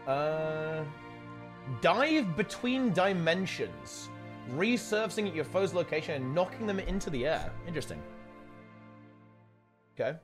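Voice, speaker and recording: A man's voice: a little high, big pitch swings, measured pace, pauses often, over music. A man casting a live online game tournament in a chatty, rambling way, often correcting himself mid-sentence. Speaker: esports tournament commentator. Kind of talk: casual live game commentary.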